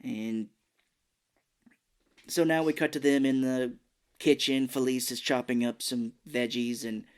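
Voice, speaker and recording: A man talking through a film's story for a podcast, easy and conversational. He keeps popping into short, playful voices for the characters. His pitch sits right in the middle for a man. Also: fairly even intonation, a little mellow. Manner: retells plot with quick put-on voices for characters. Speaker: podcast co-host. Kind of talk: casual film recap chat.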